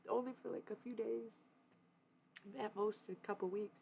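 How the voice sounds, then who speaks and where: A woman's voice: mid-range voice, steady tone, moderate pace, vocal fry, long pauses, mellow, a little hiss or hum. A young woman livestreaming, talking candidly in a casual confessional way, swearing freely and laughing often.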